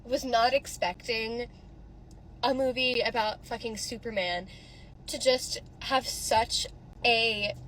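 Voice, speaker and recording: Outdoors near a theater, a social media creator films a casual vlog reaction on her phone, crying as she rambles and swears emotionally. Her voice is fairly high and bright, with fairly even intonation and a slow pace. The audio is poor, with a little hiss or hum.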